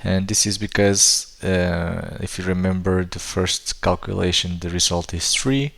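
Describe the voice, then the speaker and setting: A man with a low, gravelly voice teaches programming in a screen-recorded tutorial. His tone is bright and forceful despite the depth. He thinks aloud, pausing on fillers and restarting words as he types.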